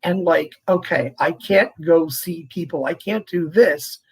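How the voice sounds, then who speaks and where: A man's voice: on the high side, a little slow, vocal fry, poor audio. A middle-aged man, a priest, talking earnestly and reflectively in short phrases during an interview. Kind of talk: conversational interview.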